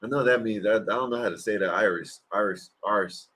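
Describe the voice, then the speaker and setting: A man's voice: lowish voice, racing, a bit bright, a little hiss or hum. A man hosting a livestream, giving rambling, crude, mocking reactions to clips. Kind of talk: casual profane reaction commentary.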